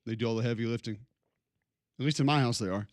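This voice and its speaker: A man's voice: medium pitch, quick pace, no echo, clean studio sound. Opinionated male sports radio co-host. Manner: opinionated, rambling, lively tangents. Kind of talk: casual morning radio banter.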